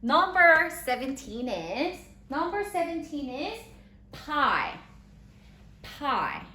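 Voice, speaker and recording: A woman teaching a third-grade spelling lesson, slowly sounding out letters and giving encouraging praise. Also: high voice, very animated, pushed and bright. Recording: echoey room with faint ambience.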